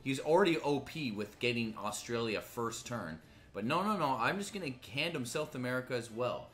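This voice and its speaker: Casting note: male gaming streamer, bright, lively pitch, furious swearing rants, faint music under him. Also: normal speed. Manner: angry, ranting, heavy swearing; swings between loud outbursts and muttering. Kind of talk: live gaming commentary.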